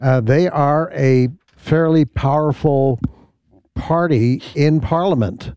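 A man on a discussion panel, recounting events in a measured, storytelling way. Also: fairly high pitch, mellow, clean tone, no room sound, studio quality. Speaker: panel guest.

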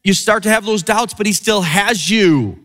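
A man preaching a sermon in an earnest way, rising and falling in pitch and slowing down on key phrases. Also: fairly bright tone. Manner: earnest, swinging high and low for emphasis, slowing on key phrases.

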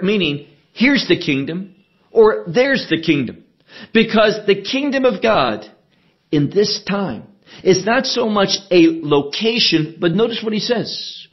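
A man teaching a sermon verse by verse, measured and emphatic, asking questions and answering them himself. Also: high voice, big pitch swings, muffled recording. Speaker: preacher.

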